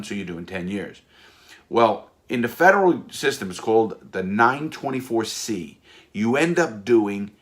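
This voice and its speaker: A man with a fairly low voice tells a personal story in casual monologue. He talks emphatically, repeating phrases and restarting mid-sentence as he drives each point home. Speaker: storyteller recounting his prison case.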